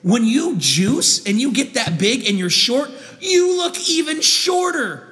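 A man's voice: very high voice, very animated, measured pace, fairly bright tone, big-room sound. A man hosting a podcast alone, ranting with heavy swearing and frequent laughter. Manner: profane, laughing, heated ranting. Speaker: podcast host. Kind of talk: comedic rant podcast.

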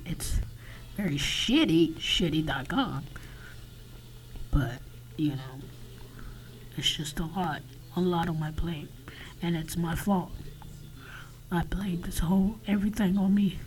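Slow, whispering man confessing. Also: on the high side, poor audio. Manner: halting, swearing, often whispered. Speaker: podcast host. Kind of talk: confessional monologue.

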